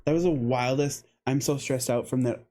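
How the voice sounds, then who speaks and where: A man co-hosting a podcast in casual chat, telling an animated story, laughing often and acting out what other people said. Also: mid-range voice, moderate pace. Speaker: podcast co-host.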